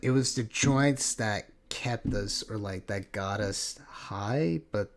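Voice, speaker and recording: A young man telling a personal story in a casual vlog, animated and full of swearing. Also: on the low side, slow. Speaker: vlogger.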